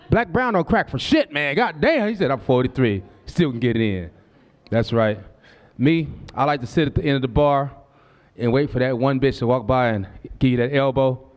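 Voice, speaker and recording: A man in his forties doing a profane, loose, conversational stand-up comedy set on a club stage. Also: on the high side. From Southern California. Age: 40s.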